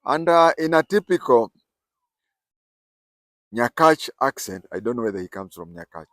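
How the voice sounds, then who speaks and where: An older man, telling history stories in casual talk with animated emphasis. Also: medium pitch, normal speed, dry recording. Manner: animated, rising and falling emphasis. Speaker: storyteller host. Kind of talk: casual spoken storytelling.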